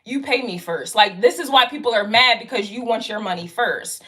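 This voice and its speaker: A woman's voice: a little high, moderate pace, few pauses, bright, forceful tone. A woman giving a casual tarot reading, talking straight to the viewer in a blunt, profane, slangy way and hammering her point again and again. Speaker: tarot card reader.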